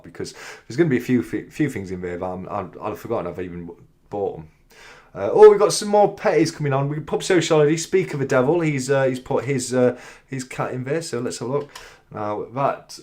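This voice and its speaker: A man hosting a relaxed livestream, chatting through viewer comments in a friendly, easygoing way. His voice sits on the low side, with plenty of filler words between thoughts. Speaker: host. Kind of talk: casual livestream chat, reading comments.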